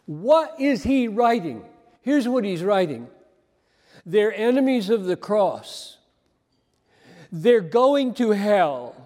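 A man delivers an earnest sermon in a high, emphatic voice. He slows and leans on single words, with deliberate pauses. A long reverb trails every phrase, as in a big hall. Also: big pitch swings, dark tone. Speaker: preacher. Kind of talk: sermon on a Bible passage.

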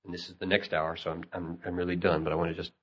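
A man's voice: sits low, level tone, racing, husky. A man preaching a sermon, telling stories and rising to emphatic peaks. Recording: muffled lo-fi recording.

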